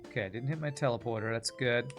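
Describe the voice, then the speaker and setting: A man's voice: mid-range voice, fast talker, over music. Chatty male game streamer. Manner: rambling, self-mocking, talks to the viewers. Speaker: streamer and gamer. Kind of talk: casual chat while playing a game.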